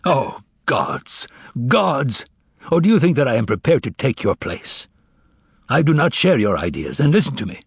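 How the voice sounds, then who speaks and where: A man voicing a tormented, imperious older Roman governor with a broken, ailing voice that swings from low menace to furious shouting. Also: big pitch swings, moderate pace, husky, no echo, clean studio sound, heavily acted. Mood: menacing.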